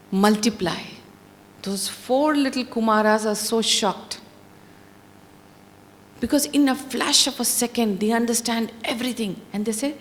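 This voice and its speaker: A woman telling a scripture story in a slow, deliberate, expressive manner. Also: fairly high pitch, slight background noise. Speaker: spiritual storyteller. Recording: long hall reverb.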